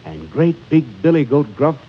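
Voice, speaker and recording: A man's voice: on the high side, sing-song, normal speed, slightly rough. A man telling a children's story in a rhythmic, lilting sing-song with repeated sound words. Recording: lo-fi recording with music behind.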